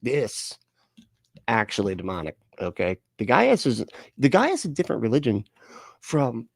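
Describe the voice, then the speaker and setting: A man's voice: medium pitch, sing-song, moderate pace, vocal fry, no room sound, studio quality. Sarcastic man hosting a live reaction. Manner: sarcastic, laughing, jokey asides. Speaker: reaction stream host.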